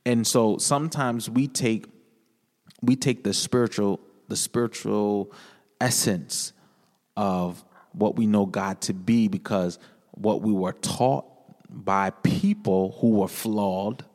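A man's voice: on the low side, slow, a little mellow. A man on a podcast, earnestly telling his personal testimony in casual conversation, often repeating his phrases. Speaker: podcast guest. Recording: echoey room with long reverb.

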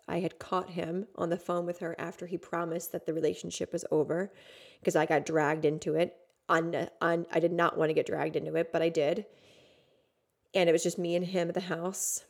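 A woman in her thirties speaks a personal monologue for her podcast. Her voice sits a little low. She tells it in an intimate, unpolished way, full of "like," and drops to a hush before rising loud again. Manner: raw, intimate, with frequent "like" and sudden swings from hushed to loud. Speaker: podcast host.

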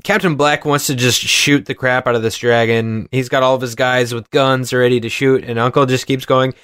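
A man co-hosting a podcast, recapping a cartoon in casual chat, laughing often and telling the story with lively asides. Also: medium pitch, moderate pace, smooth, no echo, studio quality. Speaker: podcast co-host.

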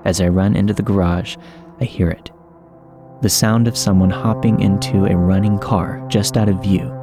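Deep-voiced man narrating a story. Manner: measured, dramatic storytelling. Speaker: podcast narrator. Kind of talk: scripted horror story narration.

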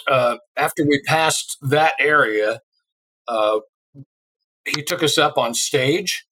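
A man's voice: mid-range voice, slow pace, slight background noise, poor audio. A middle-aged man from Illinois, a drummer, telling a casual anecdote in an interview and acting out the voices of people in it. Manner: lively storyteller who acts out quoted voices.

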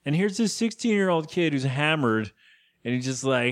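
A young man co-hosts a podcast and rambles through a recap of a TV episode. He keeps breaking into put-on voices for the characters. His pitch swings widely and sits a little high for a man. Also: expressive, normal speed. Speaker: podcast co-host. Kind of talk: casual chat recapping a TV episode.

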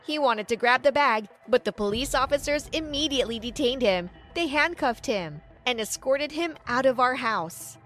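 A young woman narrates her own story with dramatic storytelling. Her voice sits high, and faint music plays beneath her. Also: animated, normal speed, hardly any pauses, fairly bright tone. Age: young adult. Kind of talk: scripted first-person story narration.

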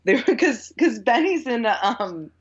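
A woman's voice: fairly high pitch, sing-song, a little slow, a little hiss or hum. A woman film critic guesting on a podcast, chatting casually and laughing often. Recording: dull lo-fi sound.

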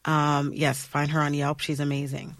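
A woman's voice: low-pitched, normal speed, no echo, studio quality. A woman guest on a podcast, talking casually and expressively, acting out her own quotes as she tells stories. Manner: animated, expressive storyteller who acts out quotes. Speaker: guest, blogger. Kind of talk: casual interview chat.

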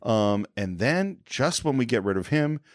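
A man's voice: mid-range voice, big pitch swings, unhurried, no room sound, clean studio sound. A man co-hosting a film podcast, retelling a movie scene by scene and acting out the characters' lines in casual chat. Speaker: podcast co-host.

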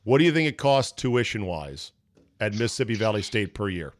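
A man hosting a sports talk show, casual and profane, riffing quickly with his co-host. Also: lowish voice, big pitch swings. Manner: brash, profane, rapid riffing.

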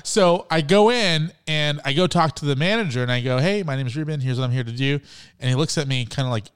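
A man's voice: fairly high pitch, quick pace, clear, resonant tone. A man co-hosting a casual chat podcast, telling jokey stories in a playful way. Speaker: podcast co-host.

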